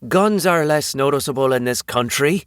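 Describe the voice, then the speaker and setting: Man doing an Irish vampire woman, playful, fierce, higher voice, dry close sound. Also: moderate pace, fairly bright tone, clean tone, no room sound, close to an everyday voice. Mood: menacing. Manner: wry, flirtatious banter.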